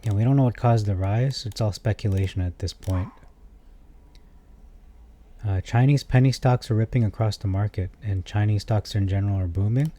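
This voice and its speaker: A man with a low, mellow voice hosts a casual stock commentary. He thinks aloud with plenty of fillers and lets out exasperated, animated asides as he reads viewer comments. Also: moderate pace. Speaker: stock market video host. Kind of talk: casual commentary reading chat.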